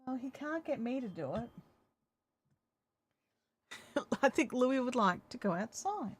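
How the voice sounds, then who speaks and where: A woman's voice: sits high, lively intonation, a little slow, husky. An Australian woman chatting to herself and her dog while knitting in a casual crafting vlog. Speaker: crafting vlogger.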